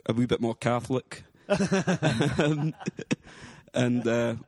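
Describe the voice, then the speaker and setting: A man's voice: medium pitch, expressive, slow pace, a little mellow, no echo. A man putting on a Scottish accent to play his boastful, confident alter ego. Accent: put-on Scottish. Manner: boastful, laughing.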